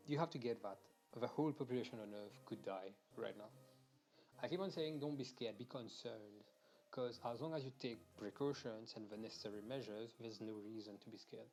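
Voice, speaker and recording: A man's voice: mid-range voice, a little mellow. A young man from Mauritius, ranting casually and animatedly during a game stream, swearing and restarting sentences.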